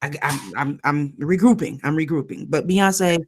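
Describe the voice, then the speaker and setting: A woman's voice: low voice, moderate pace, a little hiss or hum. Emphatic woman podcast co-host. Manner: animated, emphatic, repeats herself, slangy. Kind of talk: casual chat.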